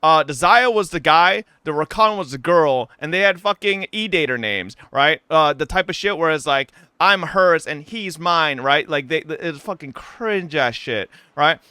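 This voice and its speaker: A man's voice: on the high side, lively intonation, moderate pace, few pauses, sharp tone, clear, resonant tone, dry recording. A young man streaming, telling a profane gaming story to his chat in a casual ranting way, full of "right?" tags.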